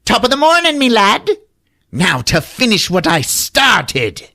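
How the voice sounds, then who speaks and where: A man's voice: high-pitched, wildly swooping pitch, measured pace, vocal fry, sharp tone, voice pushed up, exaggerated voice. A man voicing a small vicious male leprechaun who taunts in a sing-song way. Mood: taunting.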